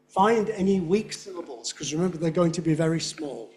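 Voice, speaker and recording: Man, lecturer, fairly high-pitched voice, conference talk, keeps checking in with "yeah?". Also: animated, brisk, few pauses, a little mellow, a little hiss or hum. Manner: frequent "yeah?" checks, demonstrates rhythms by tapping and chanting syllables. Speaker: lecturer on English pronunciation. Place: lecture hall.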